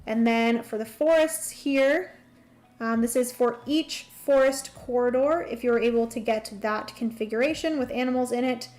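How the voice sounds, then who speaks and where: A woman's voice: a little high, normal speed. A young woman livestreaming a solo board game, thinking aloud through her moves and chatting with viewers. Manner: chatty, thinks aloud while playing, greets chat warmly.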